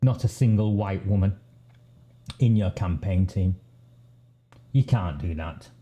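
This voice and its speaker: A man from northern England hosting a live-stream political commentary, speaking in a slow, deliberate way with asides. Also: deep voice, muffled recording. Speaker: host.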